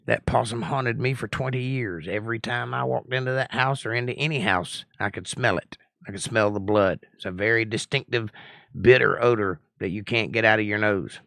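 A man's voice: fairly low pitch, vocal fry, fairly bright tone, no room sound. A middle-aged man hosting a live-stream Bible study, reading viewer comments aloud and answering them in a blunt, assertive, lecturing way. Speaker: Bible study teacher and host.

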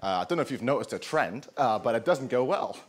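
A man in his twenties performing a live stand-up set, with a dry, self-deprecating delivery full of "uh" pauses. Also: mid-range voice, animated, husky. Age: 20s. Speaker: stand-up comedian. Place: comedy club stage with live audience. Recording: live club recording, audible noise. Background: audience laughter.

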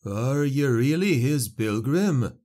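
A man voicing a big, simple-minded peasant man who speaks slowly and with wonder, a little higher than his narration. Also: animated, mellow. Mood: awed.

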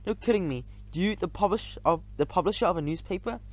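A man's voice: high voice, expressive, quick pace, pitched above the performer's own voice. A man reading aloud, voicing a haughty, scornful rat doorman who sneers at a visitor. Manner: sneering, disbelieving.

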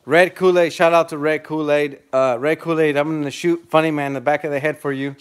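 A man's voice: fairly high pitch, fairly even intonation, a little fast, clean tone. A man chatting casually on a live stream from his phone, calling to his dogs and laughing with viewers.

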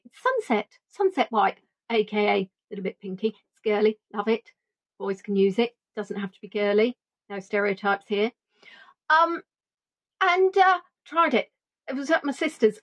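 A middle-aged woman with a fairly high voice, talking as a virtual tour guide. She reminisces in a bubbly, playful way and throws in funny voices for the people in her stories. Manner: animated, playful, acts out quotes in funny voices. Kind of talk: chatty reminiscing monologue.

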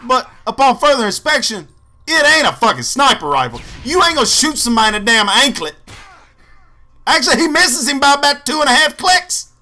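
Young male gaming host, angry sarcastic ranter, high-pitched, cutting tone. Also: very animated, a little fast, bright, forceful tone. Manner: profane, ranting, sarcastic. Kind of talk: angry gameplay commentary.

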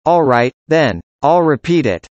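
Speaker reading practice dialogues, mid pitch. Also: sing-song, a little slow, a little mellow, no room sound, lo-fi sound. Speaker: dialogue reader. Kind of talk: scripted conversation practice.

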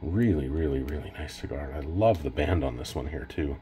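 Canadian man, very deep voice, rambling enthusiast vlogger, faint background noise. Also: fairly quick, mellow. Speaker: cigar reviewer. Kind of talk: casual unboxing vlog.

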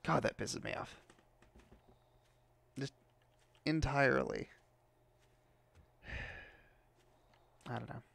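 Gravelly man ranting over gameplay. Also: medium pitch, drawn-out words, pauses often, fairly bright tone, no echo. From United States. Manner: frustrated ranting, heavy swearing. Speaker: gameplay commentator. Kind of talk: casual gameplay commentary.

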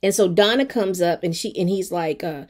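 A woman reviewer casually recapping a TV episode, talking straight to her viewers with expressive, colloquial storytelling and plenty of fillers. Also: lowish voice, normal speed. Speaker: TV show reviewer.

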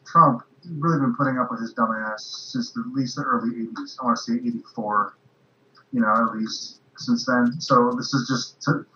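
A man's voice: medium pitch, fairly even intonation, moderate pace, pushed and bright. A middle-aged man hosts a casual political chat, talking in an easygoing, wry way. He sounds roomy and a bit muffled, like a lo-fi home recording with audible room echo. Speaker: podcast host.

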